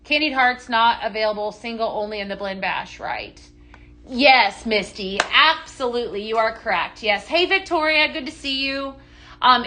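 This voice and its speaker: A woman hosting a live shopping stream, chatting bubbly and warmly greeting viewers by name as she shows products. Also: a little high, noisy background. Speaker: live sales host.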